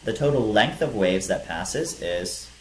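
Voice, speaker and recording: Guy teaching physics, lowish voice, kinda echoey room w/ faint background hiss. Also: expressive, a little slow. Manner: explains step by step with fillers. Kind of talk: physics lecture.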